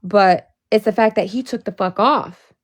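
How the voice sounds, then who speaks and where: A woman's voice: mid-range voice, normal speed, no echo. A young woman telling a storytime on her vlog, blunt and profane, talking in a heated rant. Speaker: vlogger.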